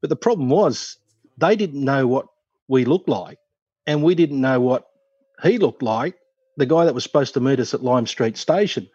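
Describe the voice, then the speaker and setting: Husky man telling stories. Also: mid-range voice, normal speed, dry recording, highs cut off. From Australia. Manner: animated anecdotes, laughs while telling. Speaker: guest, former cricketer. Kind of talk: casual storytelling.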